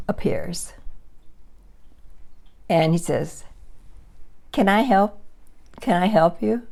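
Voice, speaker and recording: Woman, 60s, low and gravelly, chatty vlogger who rambles and repeats herself. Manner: rambling, repeats words, restarts sentences. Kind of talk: casual chat, storytelling.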